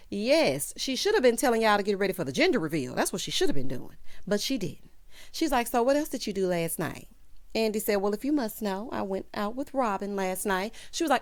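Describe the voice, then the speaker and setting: Sassy chatty woman with a lively voice. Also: mid-range voice, brisk, dry recording. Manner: sassy, chatty, peppers talk with "child" and "honey". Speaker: TV show recap reviewer. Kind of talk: casual recap commentary.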